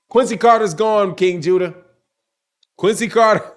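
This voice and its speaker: A man's voice: sits high, moderate pace. A man hosting a casual boxing livestream, reading super chats aloud in slangy, repetitive, laughing talk. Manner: animated, slangy, repeats himself, laughs often. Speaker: boxing channel host.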